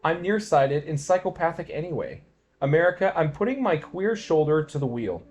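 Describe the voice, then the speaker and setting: A man's voice: fairly high pitch, moderate pace. Man giving a dramatic poetry reading. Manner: expressive, shifting between quiet and loud declamation. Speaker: poetry reader.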